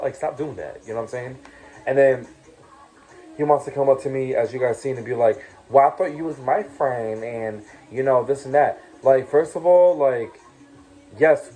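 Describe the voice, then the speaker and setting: A man's voice: mid-range voice, mellow, low-quality recording. A young man telling his story in a casual vlog, ranting heatedly with lots of profanity and fillers like "you know what I'm saying". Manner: profane, heated rant with repeated taunts. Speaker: reality show cast member telling his story.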